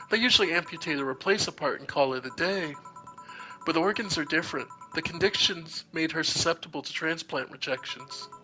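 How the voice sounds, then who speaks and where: Weary, guarded woman bartender with a bright, sharp tone, quiet and halting, read aloud by a streamer; soft game music under it. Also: mid-range voice, natural voice, rough recording. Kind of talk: reading visual novel dialogue aloud.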